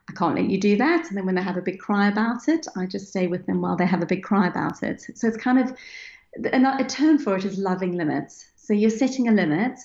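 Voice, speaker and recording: A woman's voice: mid-range voice, a little mellow. A woman answering interview questions about raising children, explaining earnestly and sometimes acting out playful parent voices. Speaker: parenting expert guest. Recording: roomy, dull lo-fi sound.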